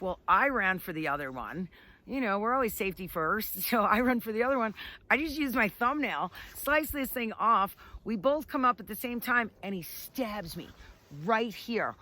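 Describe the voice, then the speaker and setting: Bright, laughing woman storyteller outdoors. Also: mid-range voice. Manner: animated, laughing often. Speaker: ski instructor. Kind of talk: casual storytelling. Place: outdoors on a ski slope.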